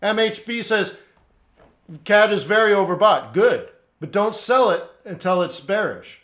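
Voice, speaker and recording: A man's voice: high-pitched, animated, measured pace, a bit bright. Blunt man teaching trading, echoey room. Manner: blunt, answers chat questions, repeats points. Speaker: forex trading instructor. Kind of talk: live trading lesson.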